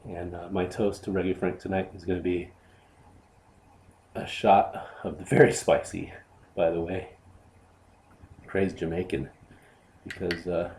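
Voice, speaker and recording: A man who reviews hot sauces, giving a heartfelt spoken tribute to a friend in a subdued, halting way. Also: deep voice, little pitch movement, darkish tone, a little hiss or hum.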